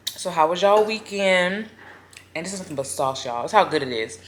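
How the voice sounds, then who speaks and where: A woman casually chatting to viewers between bites, murmuring softly as she eats at home. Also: lowish voice, normal speed, a little hiss or hum. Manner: talks between bites with soft murmured mm sounds. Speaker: mukbang vlogger. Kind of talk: casual chat while eating. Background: faint lawn mower and clinking cutlery.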